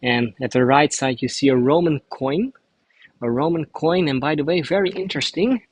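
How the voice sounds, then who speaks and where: A man's voice: fairly high pitch, normal speed, no room sound, low-quality recording. A Dutch man, a native Dutch speaker using English, guides a cycling tour of a city outdoors and explains at length with frequent restarts. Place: outdoors in a city square, riding a bike.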